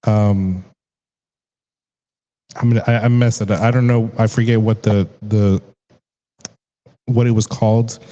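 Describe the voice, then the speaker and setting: A man's voice: fairly low pitch, mellow, lo-fi sound. A young man hosting a casual interview, chatty and rambling, laughing often. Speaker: podcast host.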